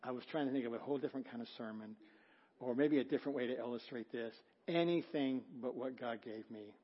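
A middle-aged male pastor preaching a sermon, telling a story with acted-out quotes and swinging from loud to hushed. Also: mid-range voice, fast, dull audio. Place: church sanctuary.

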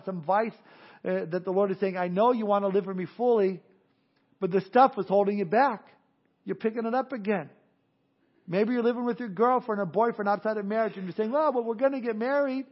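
High-voiced animated male pastor. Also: dull audio. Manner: animated, acts out crowd voices, drops to hushed earnest tones. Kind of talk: sermon.

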